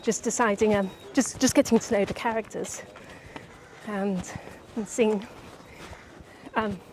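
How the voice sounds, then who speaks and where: A young woman writer chatting casually about her book outdoors by the seaside, a little out of breath and halting, with many restarts. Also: mid-range voice, steady tone, a little mellow, a little hiss or hum. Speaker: writer vlogger.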